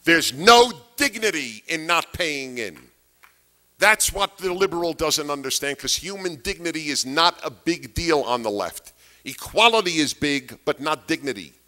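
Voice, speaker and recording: Bright-voiced man lecturing emphatically. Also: on the high side. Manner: emphatic, repeats key phrases, asks rhetorical questions. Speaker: speaker giving a talk. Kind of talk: political lecture to an audience.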